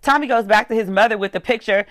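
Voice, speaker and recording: A woman's voice: a little high, a bit bright, no echo, studio quality. Sassy woman recapping a TV episode. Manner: sassy asides, talks back to characters; acts out characters' lines in quick voices. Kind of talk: casual TV recap commentary.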